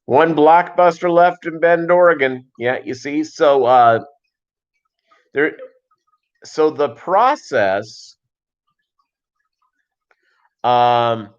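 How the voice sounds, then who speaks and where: A man's voice: a little high, very slow, pauses often, smooth, dull audio. A middle-aged man hosting a livestream, telling a long story in a loose, rambling way with many restarts and asides. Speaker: livestream host.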